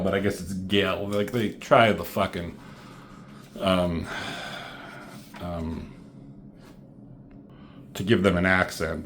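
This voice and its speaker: A man's voice: mid-range voice, slight background noise. A man talking casually through a comic book review, rambling and swearing, with plenty of fillers. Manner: rambling, profane, loose with fillers.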